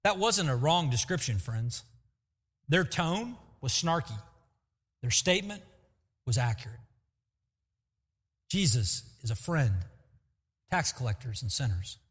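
A man preaching a sermon as pastor, lively and acting out quotes to make his points. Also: mid-range voice, a little slow, long pauses, breathy edge. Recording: long hall reverb.

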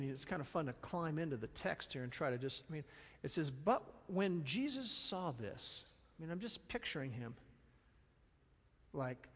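A middle-aged man preaching a sermon, animated and storytelling, dropping to soft, slow stresses. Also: on the high side. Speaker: pastor. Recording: long reverb of a large hall.

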